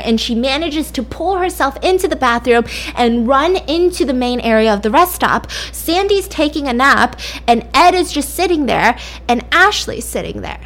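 A young woman casually retelling a dramatic story, chatty and animated, with lots of fillers. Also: a little high.

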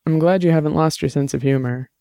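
A man voicing a shaken young woman who speaks softly and haltingly, close to tears. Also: fairly high pitch, vocal fry, no echo. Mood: fragile, tearful. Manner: soft, halting, tearful.

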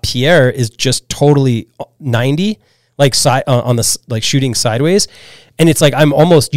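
A man's voice: medium pitch, no echo. A man from Pennsylvania tells a wild story as a podcast guest in easy, rambling speech. He fills it with "like"s, restarts and acted-out quotes, in a mid-range voice recorded close and dry. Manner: animated storyteller, many "like"s and restarts. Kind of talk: casual storytelling chat.

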